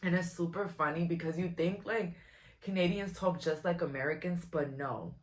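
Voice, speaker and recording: A woman's voice: on the low side, normal speed. A woman, giving a casual, frank tarot reading to camera in a chatty, blunt way. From Brooklyn, New York. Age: 20s. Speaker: tarot reader.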